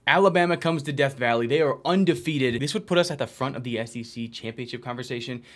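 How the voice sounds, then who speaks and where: A man giving live commentary while playing a college football video game, muttering plays to himself and bursting into loud excited yells and swearing. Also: medium pitch, fast talker. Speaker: gaming video creator.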